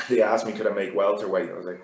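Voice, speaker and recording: A man's voice: on the low side, steady tone, fairly quick. An Irish man chatting casually as an interview guest, rambling with many fillers and restarts. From Ireland. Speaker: guest fighter and gym owner. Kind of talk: casual chat. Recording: roomy, dull-sounding audio.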